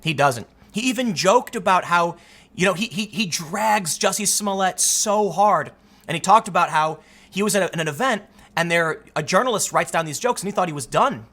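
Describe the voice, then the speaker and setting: A young man giving a casual, emphatic commentary monologue, often repeating words as he gets excited. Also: high-pitched, normal speed. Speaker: political commentary host.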